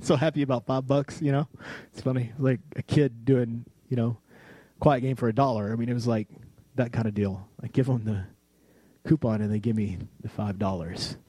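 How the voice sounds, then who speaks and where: Man preaching with playful, lively delivery. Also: medium pitch, normal speed, dry recording. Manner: playful storytelling with animated voices, then earnest preaching. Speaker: pastor. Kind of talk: sermon.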